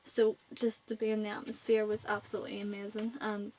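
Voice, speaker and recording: A woman's voice: mid-range voice, monotone, fairly quick, a little mellow, slight background noise. A young woman in her late teens with a Northern Irish accent, chatting to camera in a rambling vlog. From Northern Ireland. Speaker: vlogger. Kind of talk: casual chat to camera.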